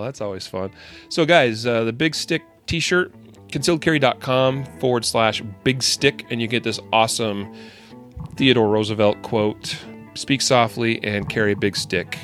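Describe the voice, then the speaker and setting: A man hosting a podcast, chatting casually and reading sponsor spots in an upbeat, conversational way. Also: medium pitch. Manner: upbeat, conversational, with fillers and asides. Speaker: podcast host. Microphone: screen-sharing video call setup.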